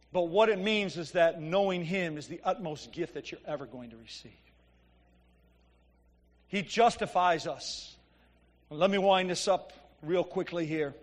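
High-voiced preacher in a reverberant hall. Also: male voice. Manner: preaching with swings from loud emphatic peaks to quiet asides; reads scripture then explains it conversationally. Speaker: pastor. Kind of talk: sermon.

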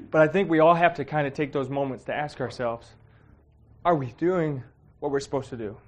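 A man's voice: on the high side, moderate pace. A man giving a casual, heartfelt sermon, talking conversationally with many fillers and getting emotional. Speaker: preacher.

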